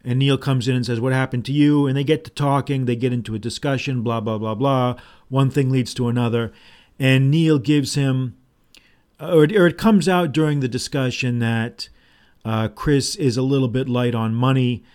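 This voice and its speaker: Man, podcast host, casual solo monologue, rambling, retells movie lines in his own voice, mid pitch. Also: steady tone, moderate pace, darkish tone, clear, resonant tone. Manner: rambling, with restarts and "blah, blah" asides.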